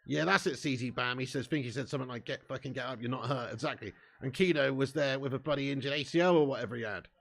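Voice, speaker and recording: A young man hosting a live football watch-along, bantering with his chat and swearing freely, getting loud when a chance comes. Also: medium pitch, fast talker, vocal fry, hardly any pauses.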